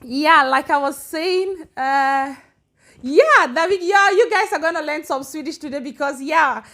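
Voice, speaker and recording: A woman from Cameroon hosting her own live stream, chatting casually and greeting viewers by name as they join. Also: high voice. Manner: chatty and warm, switching between English and Swedish, greeting commenters by name. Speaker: channel host on a live stream.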